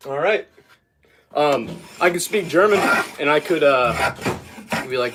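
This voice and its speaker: A man's voice: medium pitch, animated, moderate pace, pauses often, noisy background. A young man chatting casually on a livestream while working, rambling and easily sidetracked as he talks to his viewers. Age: young adult.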